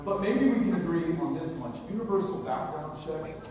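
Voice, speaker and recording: A man's voice: on the high side, expressive, normal speed, dull audio. A man running for office, answering a question at a town hall with impassioned, emphatic delivery. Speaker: political candidate at a town hall. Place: large echoey hall with audience. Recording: echoey hall, distant, noisy.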